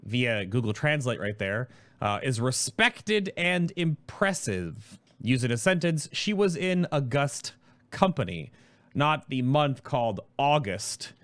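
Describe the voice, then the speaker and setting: A man hosting his stream, talking casually and quickly about a project, rambling through explanations. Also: medium pitch, sing-song, a bit bright, dry recording. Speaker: host.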